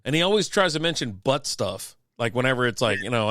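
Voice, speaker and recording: In a dry, clean studio recording, a podcast co-host chats casually on a beer and sports stream. His mid-range voice is expressive and fairly bright, and he talks fast. Sick with a cough, he rambles through profane stories and laughs often.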